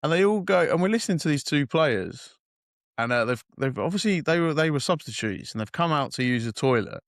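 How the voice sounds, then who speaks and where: A man co-hosting a casual podcast, telling stories in an animated way with lots of laughter. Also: fairly high pitch, brisk, no room sound, studio quality. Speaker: podcast co-host. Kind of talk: casual chat.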